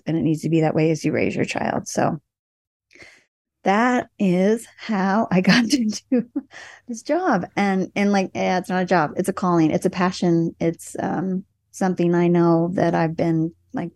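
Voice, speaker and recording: Low gravelly-voiced woman, earnest. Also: measured pace, dry recording, studio quality. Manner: earnest, reassuring, animated storytelling. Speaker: birth support worker, guest. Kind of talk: casual conversation.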